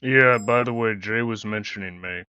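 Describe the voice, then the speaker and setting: A man helping run an online meeting in a brisk, blunt way, swearing casually, heard through slightly dull voice chat audio. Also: on the low side, sharp tone, clean tone.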